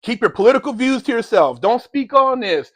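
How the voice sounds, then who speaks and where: A man's voice: very high-pitched, big pitch swings, a little fast, fairly bright tone, dry recording. A man ranting bluntly in a heated, lecturing commentary, using street slang, as a motivational vlogger.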